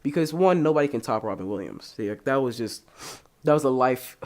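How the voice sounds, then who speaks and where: Animated, profane young male podcast host. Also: medium pitch, brisk. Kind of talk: casual podcast chat.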